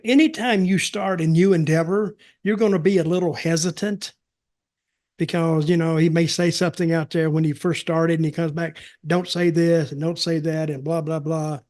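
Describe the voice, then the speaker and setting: A man's voice: on the high side, a little mellow. Older man in folksy rambling chat. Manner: rambling, folksy, repeats himself. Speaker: podcast host, wrestling veteran. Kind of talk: casual storytelling chat.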